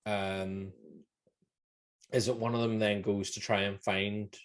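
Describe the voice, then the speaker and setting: A man's voice: fairly low pitch, flat delivery, takes it slowly. A man with a Northern Irish accent co-hosting a podcast, retelling film scenes in casual, swearing, laugh-filled chat. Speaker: podcast co-host.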